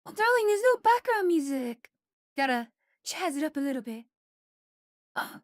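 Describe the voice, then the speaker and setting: A woman's voice: high-pitched, sing-song, moderate pace, long pauses, no echo, studio quality. A woman co-hosting a game stream in casual chat, teasing and calling her partner darling. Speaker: streamer co-host.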